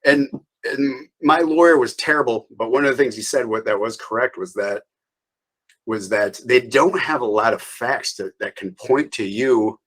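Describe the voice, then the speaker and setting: A man's voice: medium pitch, moderate pace, fairly bright tone, poor audio. A man being interviewed, telling a long story in a loose, rambling way with restarts and small laughs. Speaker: interview guest.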